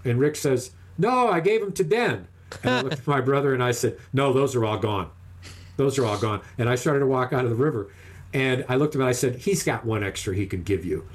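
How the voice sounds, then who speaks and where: Husky man telling a fishing story. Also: mid-range voice, brisk. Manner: animated, acts out other people's lines in raised voices. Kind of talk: casual storytelling chat.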